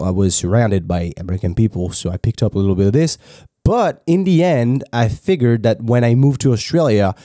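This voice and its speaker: A man's voice: fairly low pitch, dark tone, dry recording, studio quality. A French man, a native French speaker, hosting a language practice podcast in an unscripted, casual monologue, thinking aloud with many restarts and fillers. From France. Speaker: host of an English practice podcast.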